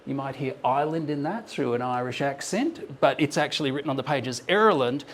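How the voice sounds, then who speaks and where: A man's voice: mid-range voice, a little fast, slight background noise. A man presenting an academic paper in a lecture room, explaining his points thoughtfully with frequent ums and restarts. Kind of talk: academic conference talk. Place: lecture room with slides on a screen.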